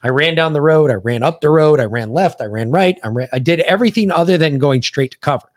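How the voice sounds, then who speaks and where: A man's voice: on the high side, expressive, fast, no echo, clean studio sound. A man from the United States, a podcast host, bluntly and profanely retelling a combat story in casual conversation.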